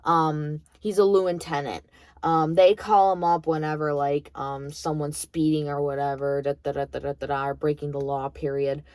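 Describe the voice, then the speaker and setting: A woman's voice: deep voice, level tone, normal speed, darkish tone, clear, resonant tone, dry recording. A young adult woman venting in a casual monologue, blunt and heated, swearing freely. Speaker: vlogger.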